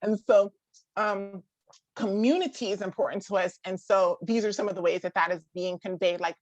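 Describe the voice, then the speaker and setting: A woman's voice: mid-range voice, fairly even intonation, no room sound, highs cut off. A woman in her thirties speaking casually to a group about parenting. She often says "like", restarts her sentences and laughs now and then. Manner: chatty, full of "like" and quick restarts; laughs often and acts out others' voices. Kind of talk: casual talk to a live group.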